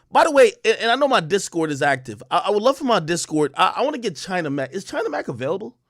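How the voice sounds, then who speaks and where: A man's voice: high voice, fairly bright tone, no echo, studio quality. A man hosting a livestream, rambling through casual commentary and repeating himself. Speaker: livestream host.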